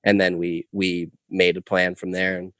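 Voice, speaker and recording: A young man, a podcast guest, telling a rambling story with animated, casual swearing. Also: sits low, moderate pace, dry recording. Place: podcast studio. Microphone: close podcast mic.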